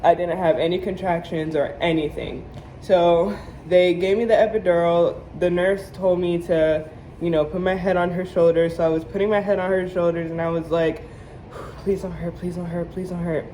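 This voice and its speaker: A young woman vlogger telling a personal storytime, animated, acting out quoted lines and laughing often. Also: fairly low pitch, normal speed, slight background noise, rough recording. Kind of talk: storytime vlog.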